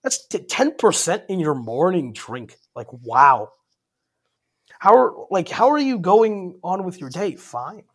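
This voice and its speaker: Excitable young man with a high, swooping voice. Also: slow pace. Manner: excitable, swears a lot, trails off and restarts. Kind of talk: casual chat.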